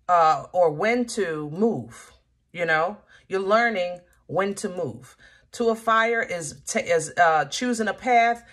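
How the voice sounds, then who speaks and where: A tarot reader lays out cards for her viewers in a casual, emphatic manner, repeating her warnings and laughing often. Her voice is medium in pitch and a bit bright.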